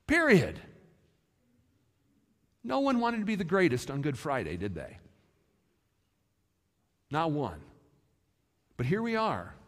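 Male pastor mid sermon, fairly high voice, echoey church hall. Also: slow pace, pauses often. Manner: animated preaching, acts out the disciples. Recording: long hall reverb.

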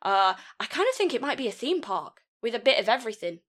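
A woman's voice: a little high, sing-song, quick pace, fairly bright tone. Chatty woman co-hosting a podcast. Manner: chatty, rambling, laughs often. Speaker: podcast co-host. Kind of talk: casual chat.

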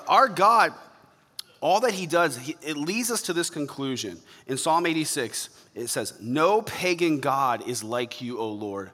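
Blunt preaching man, bright, in a hall. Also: fairly high pitch. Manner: emphatic, blunt preaching with rhetorical asides. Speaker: pastor. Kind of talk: sermon.

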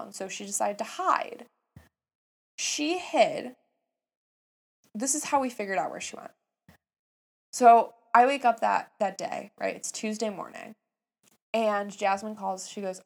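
Young woman in her 20s telling a story, kinda gravelly, swings from quiet asides to excited bursts. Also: mid-range voice, normal speed. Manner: animated, jumps between hushed asides and excited outbursts. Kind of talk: casual storytelling.

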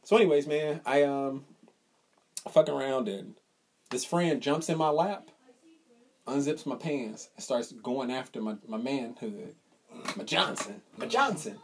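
A young man co-hosting a podcast, telling a profane, animated story in casual chat and acting out the people in it. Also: medium pitch, normal speed, husky. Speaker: podcast co-host.

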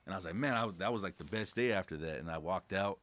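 This young man, a podcast guest who works as a credit specialist, talks fast in a low, somewhat bright voice. His manner is relaxed and reflective as he tells stories using casual slang.

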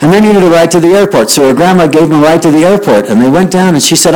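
A man's voice: on the high side, quick pace, darkish tone, poor audio. A middle-aged man telling stories in a devotional youth talk, acting out the voices of the people he quotes.

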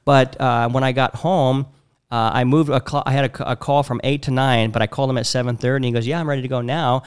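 A man in his thirties talking casually and bluntly, acting out quotes with animated voices. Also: medium pitch, quick pace, clean tone. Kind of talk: casual podcast chat.

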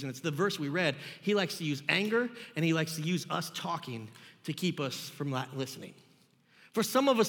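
A young man teaching a youth group Bible lesson, animated and jokey, telling stories and teasing the kids. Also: on the high side, long reverb tail. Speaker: youth pastor. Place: youth room.

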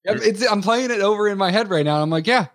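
A man co-hosting a podcast, animated and enthusiastic in casual chat. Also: sits high, very fast, no room sound, clean studio sound. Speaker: podcast co-host.

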